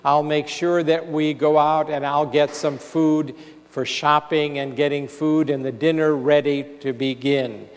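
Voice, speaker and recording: A man's voice: a little high, normal speed, hardly any pauses, close to an everyday voice. A priest doing a soothing older woman. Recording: reverberant church hall.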